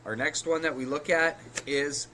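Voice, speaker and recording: A man's voice: fairly high pitch, fairly even intonation, moderate pace, pushed and bright, slight background noise. A man co-hosting a card game podcast, walking through the math of card plays step by step and correcting himself as he goes. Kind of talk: casual explanatory chat.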